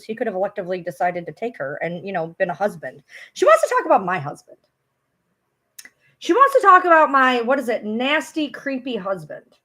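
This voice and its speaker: A woman chatting casually on a livestream, animated, swearing freely and often breaking into laughter as she talks back to viewers. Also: fairly high pitch. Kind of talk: casual live commentary.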